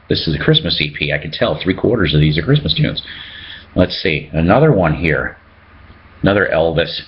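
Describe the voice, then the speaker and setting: A man's voice: sits low, lo-fi sound. A man hosting a casual show-and-tell video about his records, chatting and joking as he reads out the labels. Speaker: record collector host.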